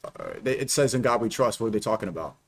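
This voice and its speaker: A man hosting a casual reaction stream, animated and teasing, firing off quick questions. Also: on the low side. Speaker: streamer and host.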